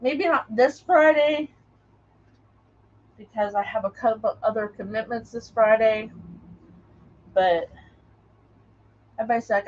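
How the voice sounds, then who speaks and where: A woman's voice: on the high side, unhurried, pauses often, highs cut off. A woman hosting a craft livestream, chatting in a rambling way and greeting viewers by name as she works. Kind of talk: casual live chat while crafting.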